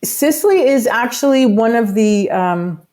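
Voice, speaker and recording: A woman's voice: fairly high pitch, animated, unhurried, darkish tone. A woman, a musician guest chatting on a podcast and explaining things at length with lots of asides. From United States. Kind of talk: casual podcast interview.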